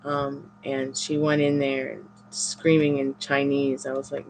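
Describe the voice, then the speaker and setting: A woman reading tarot on a live stream, chatting casually with viewers and rambling in halting, restarting sentences. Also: a bass voice, monotone, a little hiss or hum.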